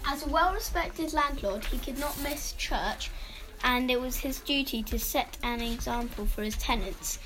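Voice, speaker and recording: A woman narrating a local history story in a steady storybook reading manner. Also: sits high, a little slow, noisy background.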